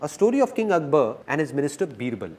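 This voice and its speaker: A man giving a playful, animated motivational speech to a live audience. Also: on the high side, fast talker. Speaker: motivational speaker.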